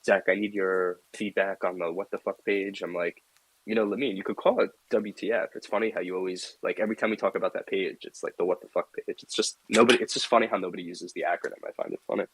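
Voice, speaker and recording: A man's voice: deep voice, fast, breathy edge, low-quality recording. A man chatting casually on a group audio call, rambling with many fillers and restarts. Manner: rambling, lots of fillers and restarts, laughs easily. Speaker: team member on a community audio chat. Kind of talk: casual chat.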